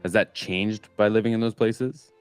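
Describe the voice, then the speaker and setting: A man's voice: fairly low pitch, steady tone, normal speed, smooth, soft background music. A man from Southern Alberta, interviewing in a laid-back, self-deprecating way. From Southern Alberta, Canada. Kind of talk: casual interview chat.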